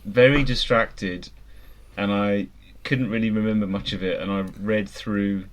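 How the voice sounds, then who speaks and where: A man's voice: lowish voice, fairly even intonation, measured pace. A man co-hosting a podcast, chatting in a laid-back, self-deprecating way. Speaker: podcast co-host. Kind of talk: casual chat.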